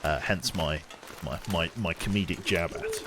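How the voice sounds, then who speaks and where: A man's voice: sits low, normal speed, noisy background. A young man streaming a survival game, chatting casually and rambling, often restarting his sentences and swearing offhand. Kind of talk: casual live-stream chat while gaming.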